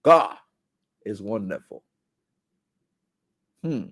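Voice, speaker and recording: A man hosting a radio talk show, giving animated, scolding political commentary. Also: extremely high pitch, slow pace, pauses often.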